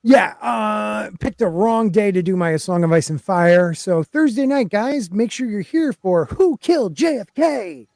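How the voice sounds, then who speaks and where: A man's voice: high voice, animated, a little slow, vocal fry, few pauses, darkish tone, no room sound. A man hosting a casual podcast, upbeat and rambling, laughing easily as he introduces his panel. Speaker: podcast host. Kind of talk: casual chat.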